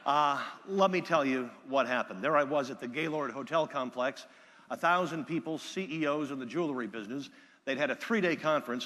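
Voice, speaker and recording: Energetic man giving a keynote in a hall. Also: medium pitch. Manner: energetic storyteller, loud bursts when quoting people. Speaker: keynote speaker. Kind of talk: live keynote speech. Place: large conference hall.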